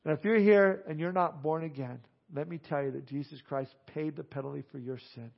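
Brief: earnest, emphatic male preacher, slightly higher voice, muffled lo-fi recording. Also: creaky. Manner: earnest, emphatic, slowing on key phrases. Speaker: pastor. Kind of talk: sermon with altar call and prayer. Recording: dull lo-fi sound.

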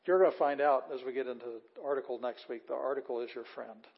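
A man's voice: medium pitch, quick pace, creaky, slightly rough. A middle-aged man teaching a Greek class, explaining grammar emphatically and repeating words for stress. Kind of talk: classroom lecture. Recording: dull lo-fi class recording.

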